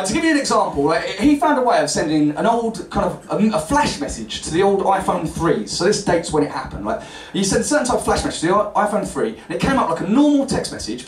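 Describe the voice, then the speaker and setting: A young stand-up comedian tells a story on stage with a high, lively voice. He is animated and exclaiming, his pitch leaping at punchlines. His voice is distant and echoing in the room, with an audience around him. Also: a little hiss or hum. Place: live comedy venue on stage. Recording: echoey stage from far off with audience.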